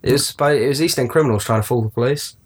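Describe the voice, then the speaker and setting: A man's voice: mid-range voice, rapid-fire. A man, hosting a podcast and bantering casually, rambling and swearing as he tells stories. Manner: rambling, swearing, laughs between lines. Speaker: podcast host.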